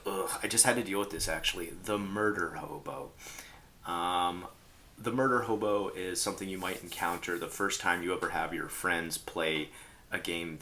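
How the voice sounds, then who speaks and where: A man's voice: low-pitched, moderate pace, a little hiss or hum. A man casually telling gaming stories, rambling with lots of fillers and acting out people he quotes. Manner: rambling, filler-heavy, animated quoting. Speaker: role-playing game commentator. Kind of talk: casual storytelling to camera.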